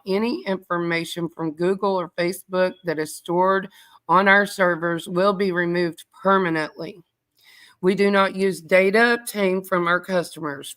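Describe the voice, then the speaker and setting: A woman's voice: fairly low pitch, fairly bright tone. Woman reading fine print aloud. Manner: reads quickly, breaks off to chat with viewers; sassy asides. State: out of breath. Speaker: true crime livestream host. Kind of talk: reading a privacy policy aloud on a livestream.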